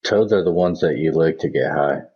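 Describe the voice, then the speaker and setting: A man's voice: rumbling low, normal speed, mellow, muffled recording. A man co-hosting a podcast, talking in a laid-back, casual way and swearing offhandedly. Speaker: podcast co-host. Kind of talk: casual chat.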